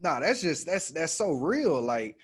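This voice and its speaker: A man co-hosting a podcast jumps in with eager agreement. His voice is husky and sits a bit high, and he talks in a loose, casual way. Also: big pitch swings, unhurried. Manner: enthusiastic, affirming. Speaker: podcast host. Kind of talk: casual chat.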